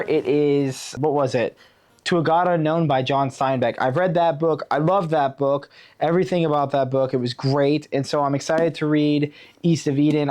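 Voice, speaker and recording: A man chatting casually on his book vlog, enthusiastic and rambling with fillers, pitching his summer reading picks. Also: a little mellow. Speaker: book vlogger. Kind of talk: casual chat. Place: Oregon.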